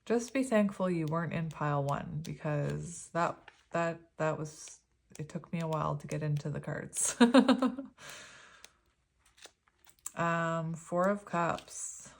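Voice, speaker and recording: A woman reading tarot cards for viewers, chatty and gushing, with many pauses and restarts. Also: fairly low pitch. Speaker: tarot reader. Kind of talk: pick-a-card tarot reading.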